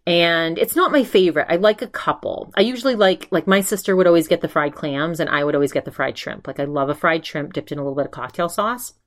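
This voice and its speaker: A woman's voice: sits low, fast, hardly any pauses. A woman from Maine hosting a podcast, chatting casually in a rambling way with lots of fillers. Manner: chatty, rambling, full of fillers and "he's like" retellings. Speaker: podcast host. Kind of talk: casual chat recapping an episode.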